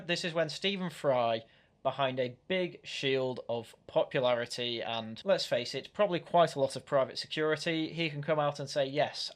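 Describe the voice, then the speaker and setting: A man hosting a reaction commentary, speaking in a critical, argumentative way with frequent restarts. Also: a little high. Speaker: commentary channel host.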